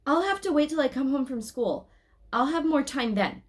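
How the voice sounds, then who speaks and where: A woman voicing an earnest, shy young boy in a storybook, pitched higher and louder. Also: expressive, normal speed.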